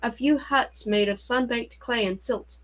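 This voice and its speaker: An old professor tells of a long jungle journey in a measured, lifted storytelling tone, as a woman reads him aloud. The voice sits rather high, and the words come at a deliberate, even pace. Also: close to an everyday voice. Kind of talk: reading a novel aloud.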